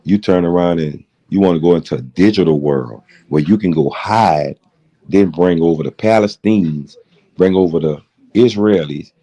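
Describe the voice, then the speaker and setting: A man's voice: low voice, mellow, highs cut off. A middle-aged man hosting a late-night livestream, rambling through a heated, profane story. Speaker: livestream host.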